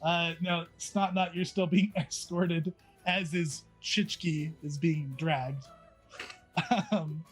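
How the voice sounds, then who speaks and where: A man's voice: fairly high pitch, fairly even intonation, takes it slowly, soft background music. A man narrating as game master of a tabletop game, laughing often as he describes the scene.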